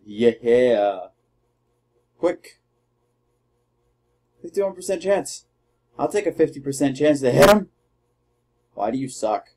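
Man, let's play commentary, trash-talking, battle cries, high pitched, slow. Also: warm tone. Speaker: gamer.

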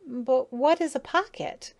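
A woman's voice: high-pitched, measured pace, vocal fry, pitched above the performer's own voice. A woman voicing wide-eyed young bee girl. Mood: alarmed curious. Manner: wide-eyed, breathless questions. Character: young curious female bee, earnest and easily shocked. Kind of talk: audiobook character reading.

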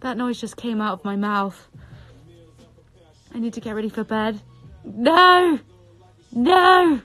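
A young woman, chatting excitedly on a live stream from her bedroom, breathless and repeating herself. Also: medium pitch, moderate pace, soft background music. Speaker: social media creator on a live stream. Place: bedroom at home.

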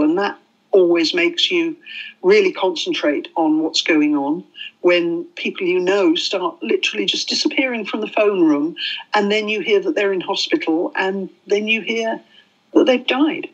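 British woman, former volunteer, reflective interview, muffled audio. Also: fairly low pitch. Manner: reflective, plain-spoken. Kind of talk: documentary interview.

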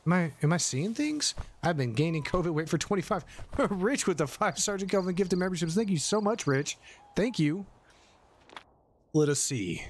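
A man's voice: high voice, expressive, fairly quick, a little hiss or hum. A middle-aged man streaming a survival game, chatting casually, thanking viewers and swearing at scares. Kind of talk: casual live gameplay commentary.

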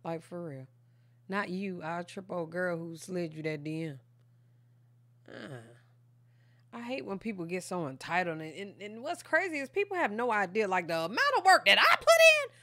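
A woman hosts a reaction video in a loose, slangy chat full of laughs, her pitch swinging widely. Her tone is bright and sharp. The sound is dry and close, with no room echo. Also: moderate pace. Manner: animated, slangy, laughs often, talks straight to viewers. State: tired from filming late at night. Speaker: reaction channel host. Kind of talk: casual reaction commentary.

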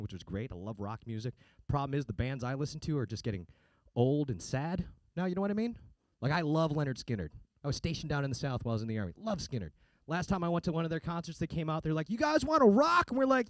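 A man's voice: fairly high pitch, expressive, quick pace, a little mellow, no room sound. A man doing a stand-up comedy set, with a sarcastic, punchy delivery and mock voices. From United States.

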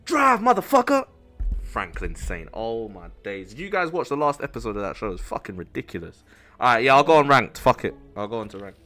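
A man's voice: fairly low pitch, expressive, brisk, a bit bright, soft background music. A man chatting on a livestream, joking and teasing. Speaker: streamer. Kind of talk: casual livestream chat.

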